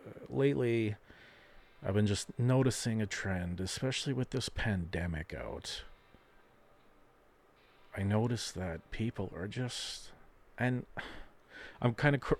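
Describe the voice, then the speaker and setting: A man with a low, gravelly voice talks slowly through a rambling solo podcast. He swears freely, asks himself questions and slips into mock voices when he quotes people. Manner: rambling, profane, frustrated ranting with self-questions; quotes imagined people in a raised voice. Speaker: podcast host. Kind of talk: casual solo podcast monologue.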